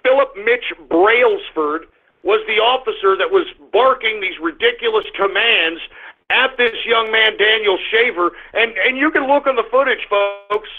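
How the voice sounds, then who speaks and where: A man hosting an internet talk radio show, ranting loudly and cursing. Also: sits high, unhurried. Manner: ranting, profane, loud outbursts. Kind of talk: call-in talk radio monologue. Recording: tinny phone-line sound.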